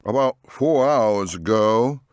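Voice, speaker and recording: A stern male federal agent, voiced by a man in an audiobook, firm and straight-faced. He speaks in a flat, steady way, slightly above the narrator's own pitch, with a dry, close sound. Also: slow pace, smooth, no room sound. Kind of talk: audiobook character voice.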